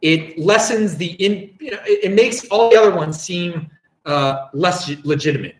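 A man's voice: sits high, normal speed, reverberant, rough recording. A man hosting a casual livestream, reading viewer comments and rambling, often chuckling and breaking off mid-sentence. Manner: rambling, chuckling, self-interrupting. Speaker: livestream host.

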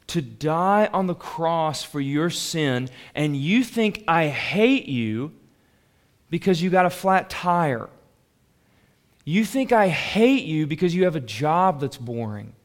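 God, a patient male deity, speaks with earnest, unhurried reasoning in a high, light register, as a preacher puts him on. The words come slowly and deliberately, each point laid out with care. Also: very animated, exaggerated voice. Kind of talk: sermon.

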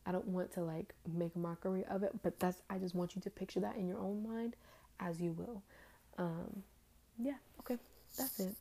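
Creaky-voiced woman, rambling faith talk. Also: fairly low pitch, fairly even intonation, moderate pace, mellow. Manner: rambling and loose, with trailing fillers. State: tired.

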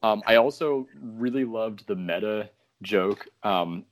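Low-voiced amused young man. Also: slow pace, no room sound. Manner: amused, filler "um", quoting lines. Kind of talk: casual movie discussion.

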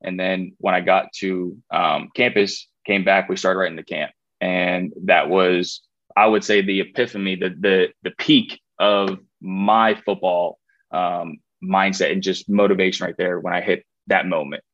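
A man's voice: deep voice, steady tone, a little slow, fairly bright tone, no echo, dull audio. A man in his twenties, a former college football player, telling his story in a casual interview, rambling with fillers and restarts.

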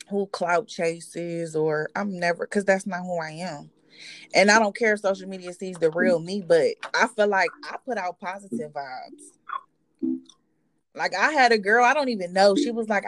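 A woman co-hosting a podcast in casual chat, talking loosely and profanely and laughing often, a little tipsy. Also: medium pitch. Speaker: podcast co-host. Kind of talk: casual chat among friends.

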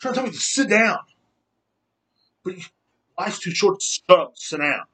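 A man's voice: high voice, animated, moderate pace, fairly bright tone, slightly rough. A man in his thirties hosting a podcast, ranting heatedly and rambling, swearing often. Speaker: podcast host. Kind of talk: casual rant.

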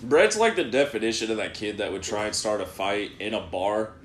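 A young man chiming in with jokes in a casual chat, profane and quick. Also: on the low side, expressive, echoey room, a little hiss or hum.

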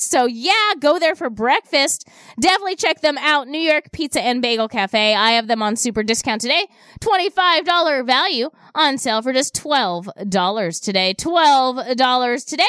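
A woman hosting a radio shopping show, pitching deals in a chatty way and repeating prices and names. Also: fairly bright tone, dry recording, studio quality. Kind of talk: upbeat radio deal pitch. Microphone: studio microphone.

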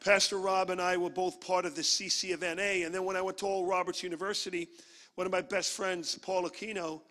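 A man from Brooklyn, New York, preaching a sermon as a guest preacher, energetic and humorous. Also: high-pitched, fairly quick, in a large hall.

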